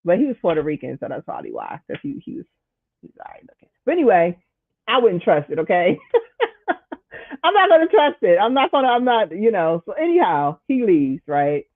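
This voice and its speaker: A man hosting his own show, telling a casual story in an animated way, jumping into high, exaggerated voices when he quotes himself. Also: fairly quick, no room sound. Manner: lots of "like" and "you know", frequent restarts. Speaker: show host. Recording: thin phone-like sound, dry.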